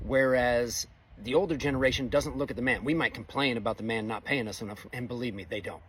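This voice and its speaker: A middle-aged man delivers a blunt, exasperated monologue, fast and preachy. His voice sits at an ordinary middle pitch. A faint hum of background noise runs underneath. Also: a bit bright. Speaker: fabricator welder. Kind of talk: casual opinion monologue.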